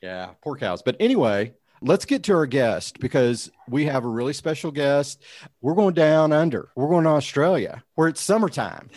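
A man hosting a casual chat, relaxed, often repeating himself as he talks. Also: a little high, normal speed, no room sound. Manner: relaxed, stammers and repeats words. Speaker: host.

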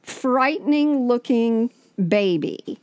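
A woman's voice: a little high, lively intonation, slow, darkish tone. A woman co-hosting a casual chat, retelling a story with amused laughter.

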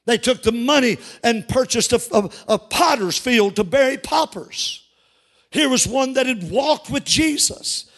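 A male pastor preaching an emphatic sermon, calling out to the congregation and rising to shouts. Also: very high voice. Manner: emphatic, call-and-response preaching that rises to shouts.

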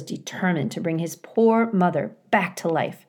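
A woman reading a children's novel aloud at a slow, careful storytelling pace. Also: sits low, animated, a little mellow, husky. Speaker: reader.

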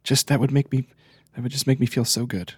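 A man's voice: mid-range voice, steady tone, fairly quick, slightly rough, no room sound, clean studio sound. A man from Canada with a Canadian accent, hosting a podcast in casual, self-deprecating chat. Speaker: podcast host.

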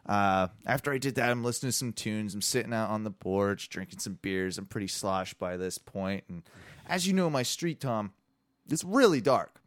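A man's voice: fairly low pitch, animated, moderate pace, no echo. A man co-hosting a podcast, telling a long, rambling, profane story in casual chat. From Orlando area, Florida. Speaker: podcast co-host.

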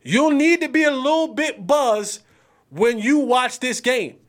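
Male sports podcast host, high-pitched, casual trash talk, big drawn-out exclamations. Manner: animated, trash-talking, slangy.

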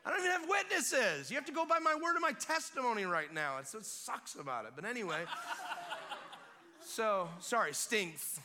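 A man preaching at a revival service, telling a story with swings between hushed quiet and loud excitement. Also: very high voice, moderate pace, noisy background. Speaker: guest preacher. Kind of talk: sermon testimony. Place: church service.

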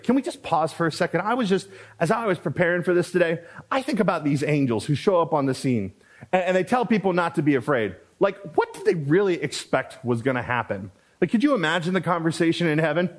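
A man's voice: fairly high pitch, animated, a little fast. A man preaching as a pastor, talking conversationally with asides and with repetition for emphasis. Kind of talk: sermon.

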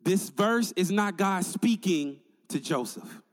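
A man's voice: high voice, expressive, slow pace, in a large hall. A male pastor preaching a sermon in an emphatic, conversational way, building points through repetition.

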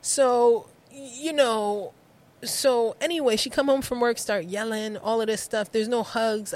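A woman's voice: a little high, unhurried. A middle-aged woman from New York, a podcast guest telling personal stories with frequent laughter. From New York, United States. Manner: animated storyteller, laughs often. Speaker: guest, poet and author. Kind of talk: casual conversation.

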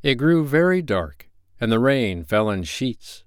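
A man narrating a storybook in a measured, expressive way. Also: mid-range voice, smooth, no echo, clean studio sound. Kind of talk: storybook reading.

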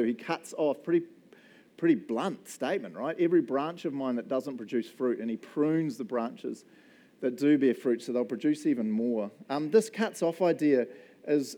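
Joking New Zealand pastor, mellow voice. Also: male voice, on the high side. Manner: jokey, animated storytelling with self-deprecating asides. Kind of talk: casual sermon. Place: church.

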